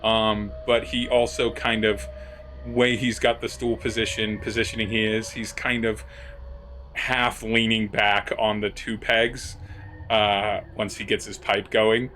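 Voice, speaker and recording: Slow, halting game master narrating. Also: male voice, on the low side, little pitch movement, sharp tone, faint music behind. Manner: halting, full of fillers and restarts.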